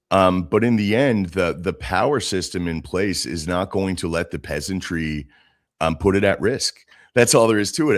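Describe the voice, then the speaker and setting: A man's voice: deep voice, dry recording, studio quality. A man co-hosting a podcast, talking casually and bluntly about politics, swearing freely. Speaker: podcast co-host.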